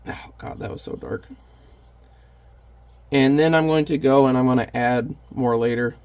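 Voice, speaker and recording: A man's voice: mid-range voice, steady tone, normal speed, darkish tone, smooth. A man who is a parent, chatting casually and candidly while painting on camera, rambling and self-deprecating. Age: adult parent.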